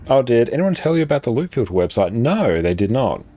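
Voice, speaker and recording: A man chatting casually with his viewers while he plays, relaxed and reacting to their messages. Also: medium pitch, brisk. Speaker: game streamer. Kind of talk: casual live-stream chat.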